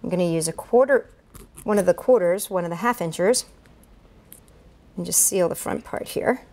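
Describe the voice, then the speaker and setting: A woman with a lowish, darkish voice speaks at a moderate pace as she guides viewers step by step through a duct tape craft. She performs at children's events, chats while working with her hands, and stays upbeat and encouraging, narrating every step aloud.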